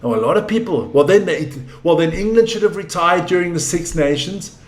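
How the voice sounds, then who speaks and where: Older male, high-pitched, chatty and excitable, calling live rugby; echoey room. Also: a little fast. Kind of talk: casual live commentary.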